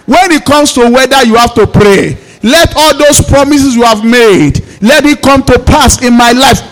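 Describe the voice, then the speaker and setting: A man's voice: extremely high pitch, moderate pace. A male pastor with a Nigerian Yoruba accent, leading a fervent prayer sermon in repeated commands and switching between English and Yoruba. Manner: declaring prayers in repeated commands, now and then shouting.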